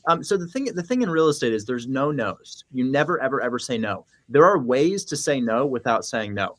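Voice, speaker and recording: A man coaching on real estate wholesaling in casual chat, energetic and blunt, swearing freely. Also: fairly high pitch, a little fast, few pauses. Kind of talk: casual chat, animated teaching.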